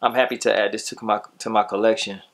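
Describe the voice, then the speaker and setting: In a fast, flat delivery and lowish voice, a man casually reviews a gadget for his vlog, addressing viewers with easygoing slang. His sign-off comes louder and more upbeat.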